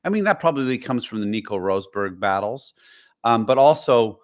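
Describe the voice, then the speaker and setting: A man's voice: medium pitch, expressive, moderate pace. A man co-hosting a podcast in casual chat, rambling and opinionated, full of fillers. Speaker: podcast co-host.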